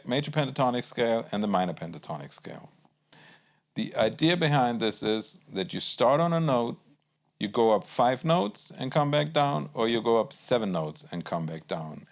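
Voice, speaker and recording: A man teaching a guitar lesson in a calm, explanatory way, counting beats aloud as he plays. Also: lowish voice. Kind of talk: instructional music lesson.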